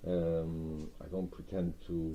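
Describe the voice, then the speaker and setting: Deep-voiced proud Gibraltarian man. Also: flat delivery. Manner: measured, proud, with hesitant fillers. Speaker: interviewee. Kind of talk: reflective interview talk. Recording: muffled, dull sound.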